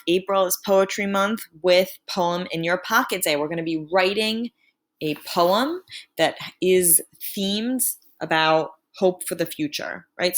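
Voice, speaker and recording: A woman teacher giving a remote lesson to students, clear and patient, slowing down to sound out words. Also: on the low side.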